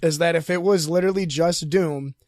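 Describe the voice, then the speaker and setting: A young man with a slightly higher voice than most men, chatting as a podcast co-host. He tells stories with animated energy, swears freely and laughs often. The sound is dry and close, with no room around it. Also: brisk, no echo. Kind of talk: casual chat.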